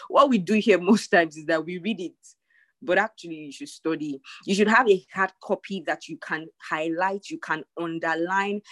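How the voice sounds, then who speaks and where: A woman's voice: lowish voice, no room sound. A woman pastor preaching a sermon, earnest and emphatic, repeating her key phrases.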